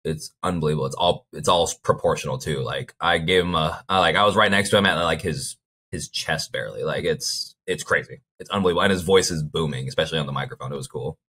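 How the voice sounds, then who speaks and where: A young athlete appearing as an interview guest talks in a laid-back, casual way, packing his speech with fillers and "like." His very deep voice moves at a quick pace, with a bright, forceful tone and a breathy edge.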